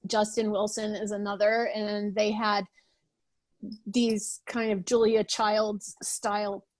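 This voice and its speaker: A woman's voice: mid-range voice, level tone, takes it slowly, no room sound. A woman being interviewed on a podcast over a video call, talking casually with many restarts. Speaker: podcast guest.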